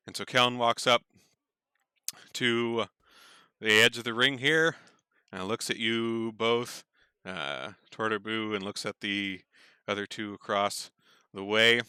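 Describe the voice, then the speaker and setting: A man narrating a tabletop game as its game master, loose and chatty, with plenty of filler words. His voice is strikingly bright and cleanly resonant. The sound is dry and close. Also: fairly low pitch, clean tone, no echo. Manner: casual, rambling with many fillers, laughs easily.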